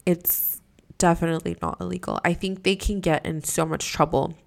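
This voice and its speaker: A young woman from Mexico tells a story on her podcast in a low, gravelly voice full of vocal fry. She sounds exasperated and swears freely, rambling through fillers and sometimes sinking into a whisper. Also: steady tone, moderate pace. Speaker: podcast host. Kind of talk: casual storytelling.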